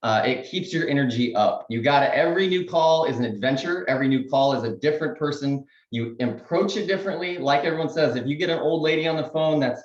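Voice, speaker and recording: A man, a real estate agent on a panel, giving casual sales tips and acting out phone calls in quick voices. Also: a little high, echoey room, lo-fi sound.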